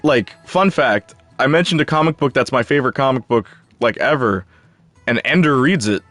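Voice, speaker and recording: Young man, streamer, chatty, animated pitch, faint music behind, reading chat aloud. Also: moderate pace, no room sound. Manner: chatty, jumpy, talks back to chat. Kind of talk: casual live stream chat, reading viewer comments.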